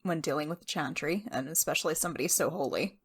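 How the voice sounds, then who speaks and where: A woman's voice: sits low, quick pace, breathy edge. Easygoing woman player. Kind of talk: casual tabletop role-play.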